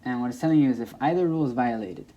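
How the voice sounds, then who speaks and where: A man teaching a language lesson in a patient, repetitive way, saying example words aloud several times so the stress is clear. His voice is mellow and dark, at a middle pitch for a man. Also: racing, lo-fi sound. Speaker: Spanish teacher. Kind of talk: classroom-style lesson explaining grammar.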